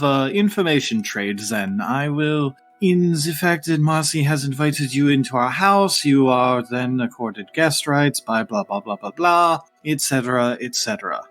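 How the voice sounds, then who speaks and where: A man's voice: on the high side, a bit bright. A man voicing a prim, flustered young woman who is a fae law student, speaking in a stiff, formal way.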